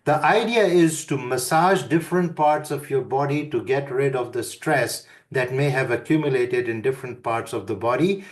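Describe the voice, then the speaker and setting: A man giving a webinar lesson, calmly guiding listeners through breathing and humming exercises. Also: on the high side. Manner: calm, deliberate instruction. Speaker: webinar speaker. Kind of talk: instructional webinar talk.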